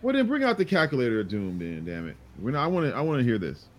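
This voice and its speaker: A man co-hosting a casual podcast chat, excitable and teasing, full of slang. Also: mid-range voice, fast talker. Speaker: podcast co-host.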